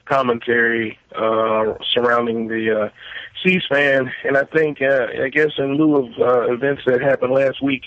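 A man leaving a voicemail for a podcast, slangy and excitable, laughing often. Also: mid-range voice, no room sound. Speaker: caller. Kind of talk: voicemail message. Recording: dry, muffled voicemail recording.

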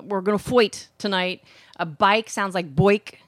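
Bright, playful radio co-host woman. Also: medium pitch, a little slow, no echo, studio quality. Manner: playful, teasing, reads out a list. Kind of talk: casual comedic radio banter.

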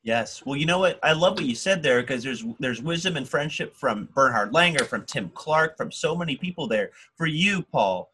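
A man's voice: medium pitch, bright, forceful tone, slightly rough. A man interviewing a guest, asking questions in an affirming, engaged way.

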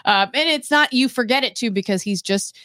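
A woman co-hosting a casual sports podcast, talking in a thoughtful, chatty way with quick light laughs. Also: on the high side, fairly bright tone, no echo, studio quality. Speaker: podcast co-host.

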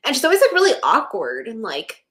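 Young woman cohosting a rewatch podcast, super expressive, kinda high voice, says like a lot. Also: a little fast. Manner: animated, exasperated, says "like" constantly. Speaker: podcast co-host. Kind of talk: casual rewatch podcast chat.

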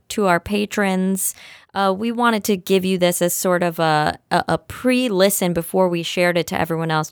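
A woman's voice: lowish voice, clean tone, no room sound, clean studio sound. A woman co-hosting a podcast, thanking supporters sincerely in a casual way. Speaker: podcast co-host.

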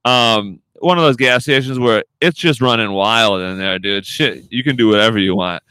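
A man's voice: fairly low pitch, normal speed, pushed and bright, clean tone, no room sound. A man hosting a casual podcast, rambling and swearing through a story. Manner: rambling, swears a lot, laughs at own stories. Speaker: podcast host. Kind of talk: casual profane chat.

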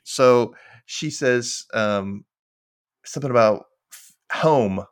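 A man's voice: mid-range voice, animated, a little fast, fairly bright tone. A man hosting a casual recap podcast, acting out characters' lines in exaggerated voices. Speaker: podcast host.

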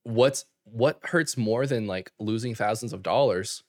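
Lively storytelling young man, dry mic. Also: fairly low pitch, no room sound. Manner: animated storyteller, fast filler-heavy talk with laughs. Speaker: podcast co-host. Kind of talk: casual chat.

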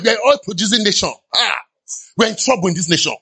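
In a church, a pastor with a Nigerian accent gives a lively sermon at a quick pace. His voice is fairly high, bright, and husky, ringing out as he preaches, and every so often he imitates listeners sighing.

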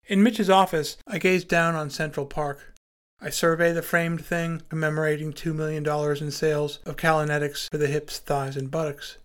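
A man's voice: on the high side, level tone, moderate pace, clear, resonant tone. Dry, wry male storyteller. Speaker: storyteller and podcast host. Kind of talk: first-person storytelling with acted dialogue.

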